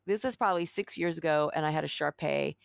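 Gravelly-voiced woman telling a lively story. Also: low voice, quick pace, dry recording, clean studio sound. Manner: animated storyteller, acts out quotes. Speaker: podcast co-host. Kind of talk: casual chat.

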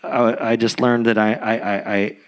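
A man, a musician guest, telling stories in a rambling, animated way with many restarts during a live podcast interview. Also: lowish voice, moderate pace. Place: recording studio with live audience.

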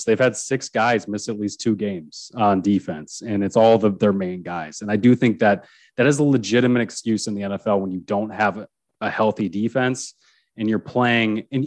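A man's voice: on the low side, no room sound. A man who is a sports reporter, chatting casually about football as a guest, with frequent restarts and chuckles.

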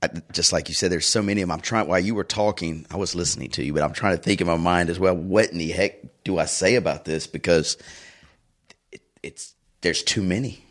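Middle-aged male podcast co-host, deep voice, loose rambling anecdotes. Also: fairly quick. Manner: rambling, warm storyteller with restarts and asides. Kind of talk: casual chat, personal storytelling.

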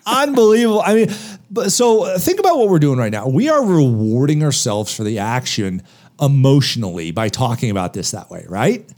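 A man talks with a lively, swooping voice that rises and falls a lot as he drives his points home. He asks himself questions and answers them. It is the energetic delivery of motivational podcast talk. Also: mid-range voice, brisk. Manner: emphatic, animated, rhetorical questions. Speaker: podcast guest author.

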